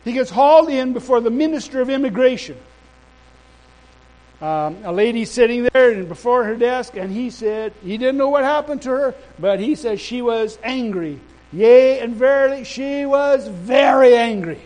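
A male preacher delivering a sermon and telling a story in an animated, emphatic way. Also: very high-pitched, normal speed, low-quality recording.

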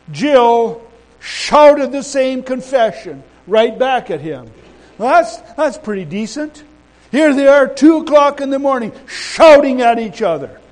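A man preaching a sermon in a folksy, rambling way, breaking off and restarting, then building to loud, emphatic declarations. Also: extremely high pitch, poor audio. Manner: folksy asides and humor.

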